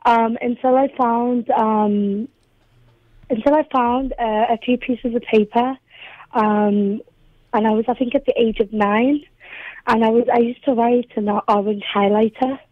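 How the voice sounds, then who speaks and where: A woman's voice: fairly high pitch, fairly even intonation, measured pace, no echo. A young woman from Liverpool with a Scouse accent, talking hesitantly with many ums as a guest on a radio interview. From Liverpool, England. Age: young adult. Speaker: poet and spoken word performer. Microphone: phone call. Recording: tinny dry phone line.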